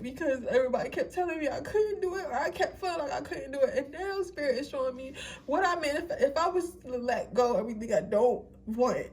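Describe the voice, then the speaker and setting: Young woman w/ high voice doing a tarot reading, cussing and crying thru it. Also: animated, fast, darkish tone. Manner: slangy, swearing, preachy pep talk. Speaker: tarot reader. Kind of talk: casual tarot reading to camera.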